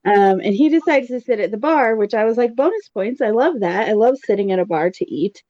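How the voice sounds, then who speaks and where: A woman telling a relaxed anecdote in casual chat as a co-host. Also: fairly high pitch, brisk, dry recording, dull audio.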